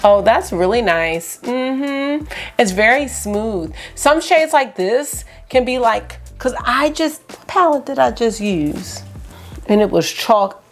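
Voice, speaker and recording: A woman vlogger chatting excitedly through a makeup swatch review, rambling with lots of asides. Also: a little high, slow, faint music behind. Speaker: beauty vlogger.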